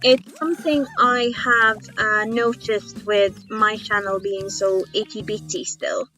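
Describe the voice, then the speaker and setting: Woman, game streamer, rambling casual chat, unhurried, music in the background. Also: medium pitch, steady tone, pushed and bright, poor audio. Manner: rambling, chatty, self-deprecating, many ums.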